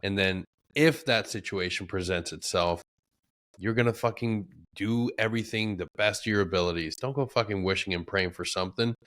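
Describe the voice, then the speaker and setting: A man's voice: fairly low pitch, normal speed. A man hosting a podcast, a veteran telling war stories in casual, profane chat. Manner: profane, animated storyteller.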